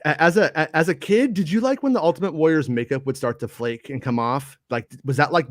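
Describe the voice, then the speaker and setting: A man's voice: a little high, brisk, no echo. Stammering man hosting a casual chat show. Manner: rambling, stammering restarts, self-deprecating. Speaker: live show host reading chat comments. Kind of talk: casual live-stream chat.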